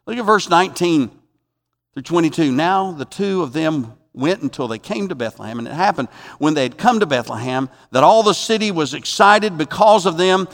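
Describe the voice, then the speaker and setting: A man preaching a sermon as a pastor, emphatic and repetitive, swinging from loud exhortation to quiet reflection. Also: a little high, lively intonation, normal speed, big-room sound. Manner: repeats phrases for emphasis.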